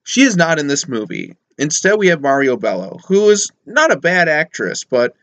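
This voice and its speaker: A man's voice: on the high side, big pitch swings, moderate pace, fairly bright tone, no echo. A man casually reviewing a film, rambling and chatty, with sarcastic asides. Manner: rambling and conversational, full of fillers and asides; sarcastic mock voices when quoting characters. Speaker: movie reviewer.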